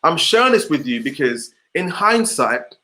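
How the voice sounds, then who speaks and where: A man's voice: fairly high pitch, big pitch swings, moderate pace, bright, forceful tone. A man giving an online motivational session over a video call, repeating rhetorical questions to his audience. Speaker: motivational speaker.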